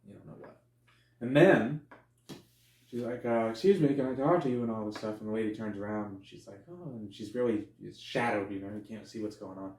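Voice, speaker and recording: A man co-hosting a podcast, chatting casually about a movie and acting out scenes with sudden high yelps. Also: a little fast. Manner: animated retelling, acts out characters with sudden high yelps, swears freely. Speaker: podcast co-host. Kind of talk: casual movie review chat. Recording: echoey room.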